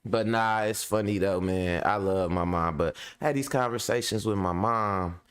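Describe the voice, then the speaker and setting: A man's voice: lowish voice, normal speed, fairly bright tone, clean tone. A middle-aged man hosting a show, chatting casually to his audience in a laid-back, slangy way, laughing often and repeating "you know what I'm saying". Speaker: show host. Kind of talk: casual monologue to a live audience.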